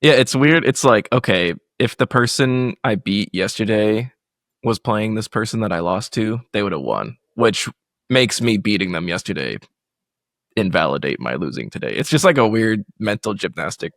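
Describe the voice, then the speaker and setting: A laid-back man co-hosting a podcast, speaking in a low, gravelly voice. The sound is close and dry, and he chats in a relaxed way with frequent laughs. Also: moderate pace, no room sound. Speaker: podcast co-host. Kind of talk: casual chat.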